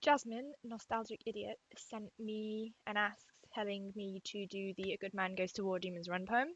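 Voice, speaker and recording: A woman's voice: mid-range voice, flat delivery, normal speed, highs cut off. Chatty young English woman on a webcam. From England. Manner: chatty, self-deprecating, filler-heavy; kept quiet so as not to wake the household. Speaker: vlogger. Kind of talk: casual webcam vlog. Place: room at home.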